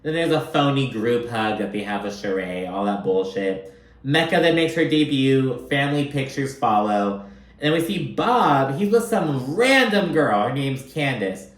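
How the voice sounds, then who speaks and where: A man hosts a casual reality TV recap, talking in a loose, animated and profane way. His voice sits at a middling pitch. The recording carries a noticeable room echo. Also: unhurried. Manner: profane, animated, chatty, often acts out quotes. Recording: echoey room.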